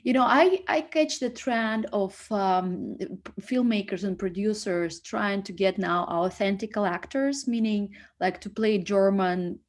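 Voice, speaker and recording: A woman's voice: medium pitch, unhurried. Woman host asking interview questions. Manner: repeats words while forming questions.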